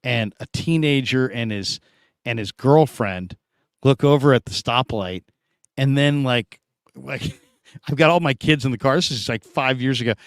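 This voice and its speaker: Brief: middle-aged male sports talk host, animated storyteller, dry close sound. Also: medium pitch, measured pace, clear, resonant tone, no room sound. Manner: animated storyteller, acts out quoted voices.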